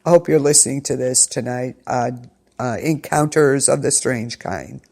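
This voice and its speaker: Woman host, gravelly voice, rambling and casual, pre-recorded show wrap-up. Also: rumbling low, moderate pace, a little mellow. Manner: rambling, with many ums and restarts. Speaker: internet radio show host. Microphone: studio mic, pre-recorded.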